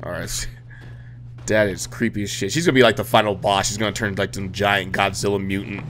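Low-voiced joking man gaming. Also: fairly even intonation, fast, a bit bright, slight background noise. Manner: joking, swearing, talking to the game characters. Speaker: gamer. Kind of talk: let's play commentary.

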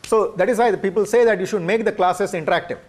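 A man's voice: sits high, quick pace. A male professor, lecturing teachers, repeating points for emphasis and asking the audience rhetorical questions. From India.

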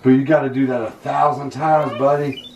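A man's voice: mid-range voice, steady tone, moderate pace. A man who owns pet monkeys narrates a casual vlog in a playful, chatty way, laughing often and talking to the animals. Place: indoor room filled with balloons. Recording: echoey room, distant mic, background noise.

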